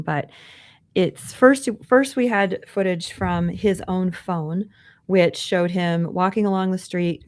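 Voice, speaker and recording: A woman's voice: lowish voice, darkish tone. A woman co-hosting a podcast, earnestly recounting a news story in conversational commentary. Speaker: podcast co-host.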